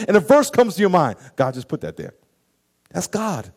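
A man preaching a sermon, animated and acting out scenes and quoted voices for the congregation. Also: sits high, fast talker. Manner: animated, acts out stories and quotes. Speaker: pastor.

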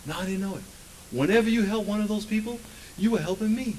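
A pastor preaching a sermon, swinging between loud bursts and hushed asides. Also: male voice, sits high, fast, a little hiss or hum, low-quality recording.

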